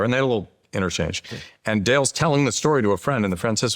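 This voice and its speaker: A man in his sixties, a company chief being interviewed, explaining his views in a measured way and telling anecdotes. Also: lowish voice, expressive. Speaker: interview guest, chief executive. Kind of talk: conversational interview.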